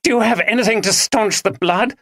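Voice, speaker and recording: A man's voice: sits high, brisk, gravelly, fairly bright tone, no echo, clean studio sound, voice pushed up. Brief: urgent man barking orders in a storybook crisis, read by a male narrator. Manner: urgent, commanding. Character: take-charge man urging others in a crisis.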